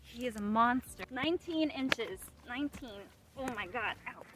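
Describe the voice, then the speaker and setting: A young woman live-streaming herself fishing from a pond shore, chatting playfully to her viewers and getting loudly excited over a big catch. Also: fairly high pitch, normal speed. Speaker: fishing vlogger. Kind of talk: casual live-stream chat.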